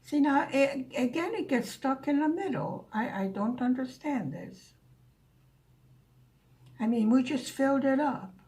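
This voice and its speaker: A woman vlogger chatting softly and musingly with her viewers while doing a diamond painting. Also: high voice, lively intonation, a little slow. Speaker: craft vlogger. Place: living in Hungary, at home.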